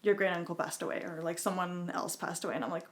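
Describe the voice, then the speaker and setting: A woman's voice: lowish voice, steady tone, quick pace. A woman from Quebec, a podcast guest, telling a personal story in a casual, chatty way, full of "like" and acted-out quotes. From Quebec, Canada. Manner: chatty, fills talk with "like" and "type thing"; acts out quotes in her story.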